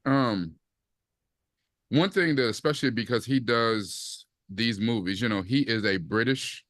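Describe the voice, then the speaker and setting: A man in casual podcast chat, reviewing a series with animated energy. His voice sits in the middle range and sounds dry and close, with no room around it. He jumps up into bursts when he mimics what characters say. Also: medium pitch, unhurried, no room sound. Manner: animated, acts out quoted lines in bursts. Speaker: podcast co-host.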